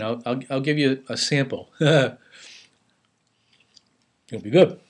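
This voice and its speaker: In a casual home food video, a man who is a home cook vlogger chats and rambles about his meal, pausing to chew between remarks and restarting his thoughts. His voice is medium-pitched and fairly bright, with a moderate pace and frequent pauses.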